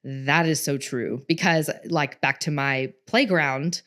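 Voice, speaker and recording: A woman's voice: sits low, slow pace. A woman co-hosting a parenting podcast, talking earnestly and telling a personal story in casual conversation. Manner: earnest, storytelling, animated quoting. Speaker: podcast co-host.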